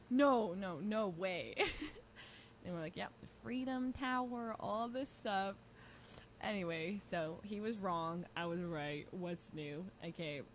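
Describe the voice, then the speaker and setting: A woman's voice: fairly low pitch, slow, slight background noise. Chatty young woman telling a story. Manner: chatty, giggly, quotes people in animated voices. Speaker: streamer. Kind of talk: casual storytelling chat.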